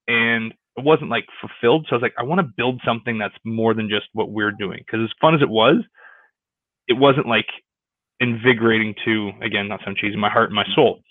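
A man's voice: medium pitch, dry recording. Man telling a story on a tinny line. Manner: rambling, with many restarts and quoted dialogue. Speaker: real estate agent. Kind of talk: casual interview storytelling. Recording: tinny phone-like line, dry.

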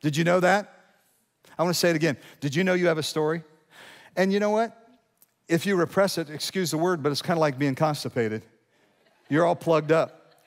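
A man's voice: fairly high pitch, a little fast, long pauses, big-room sound. A middle-aged man preaching a sermon as pastor, conversational and prone to restarts and asides.

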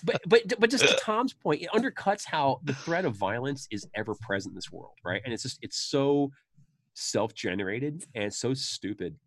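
Kuru bir odada canlı anlatan bir adam. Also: male voice, normal speed, no echo, studio quality. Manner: animated, acts out quoted lines with sudden high bursts. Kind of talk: casual chat about a film.

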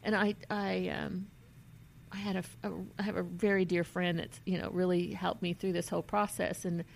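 A woman earnestly telling a personal story in a halting way, with many restarts, and at times emotional and near tears. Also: lowish voice, little pitch movement, creaky, a little hiss or hum. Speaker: vlogger.

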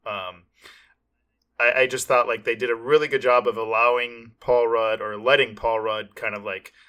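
A man with a bright, forceful voice, leading a relaxed movie review chat. He gets animated and slows down to lean on key words. His pitch sits in the middle for a man.

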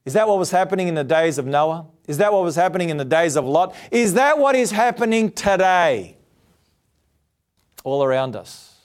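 A man's voice: a little high, animated, normal speed. Earnest man preaching. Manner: earnest, emphatic, with rhetorical questions. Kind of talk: televised sermon. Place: TV studio.

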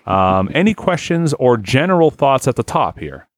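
A man's voice: mid-range voice, very animated, normal speed, no room sound, studio quality. Rambling, loose-talking male podcast host. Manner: loose and rambling, swears freely, many fillers. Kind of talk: casual chat.

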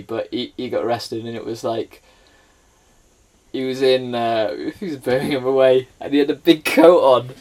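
A Welsh man in his thirties, a podcast guest, telling animated stories in casual chat and laughing often. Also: mid-range voice. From Wales. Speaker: guest, former footballer.

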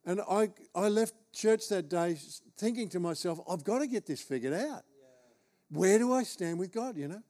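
A man's voice: high-pitched, lively intonation, moderate pace, darkish tone. A man with an Australian accent, preaching as he tells a humorous, self-deprecating personal story. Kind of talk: storytelling sermon.

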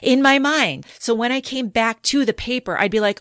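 A middle-aged woman in a casual interview, telling personal stories candidly and lively voicing the people she quotes. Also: a little high, normal speed, few pauses, no echo, clean studio sound. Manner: candid storytelling, animated when quoting others. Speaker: podcast guest.

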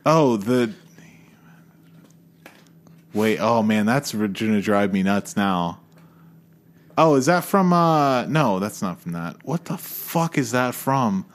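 A man hosting a casual movie trivia game, animated and quick to laugh and swear. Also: on the low side. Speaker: podcast host running a movie trivia game. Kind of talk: casual chat.

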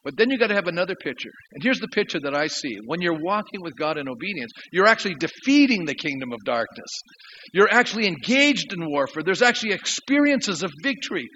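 Man preaching, pastor, earnest storyteller, fairly high voice, slightly dull sound. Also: sing-song, fast talker, bright, forceful tone, slight background noise. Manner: earnest storytelling with emphatic rises. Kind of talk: sermon.

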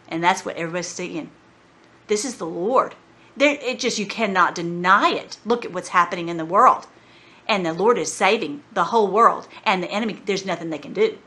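A woman's voice: lowish voice, fairly quick, sharp tone. A woman teaching from the Bible, mixing fervent prayer with chatty commentary. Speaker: Christian teacher.

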